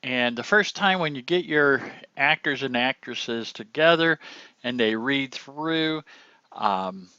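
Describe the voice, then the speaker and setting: An older man teaching a class about acting, explaining slowly and acting out lines to show delivery. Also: medium pitch, expressive, bright, forceful tone, clean tone, no room sound, lo-fi sound. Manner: slow, explanatory, acts out lines to demonstrate delivery.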